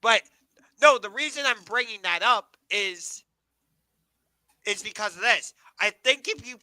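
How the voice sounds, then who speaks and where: A man's voice: high-pitched, animated, unhurried, pushed and bright, no echo, poor audio. A man co-hosting a casual sports podcast, talking hesitantly with lots of ums and asking his partner's views. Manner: hesitant, many ums, questioning. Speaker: podcast co-host.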